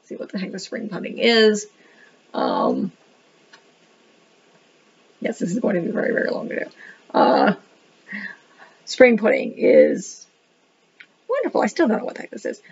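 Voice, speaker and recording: A woman's voice: mid-range voice, wildly swooping pitch, moderate pace, creaky, pauses often, breathy edge. A woman giving a casual book review, rambling and thinking aloud as she leafs through the pages. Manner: rambling, thinking aloud, says "what the heck" a lot. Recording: dull lo-fi recording.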